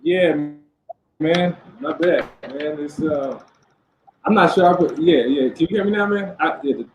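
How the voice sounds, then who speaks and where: A man being interviewed over a video call, apologetic and halting while the connection cuts out. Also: fairly high pitch, expressive, slight background noise, low-quality recording. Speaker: guest, album producer.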